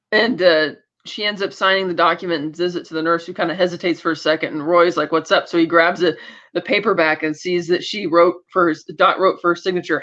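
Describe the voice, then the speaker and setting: A man's voice: sits high, bright, forceful tone, muffled recording. A man co-hosting a podcast, retelling an episode in casual chat and quoting the characters as he goes. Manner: brisk retelling with acted quotes. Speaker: podcast co-host.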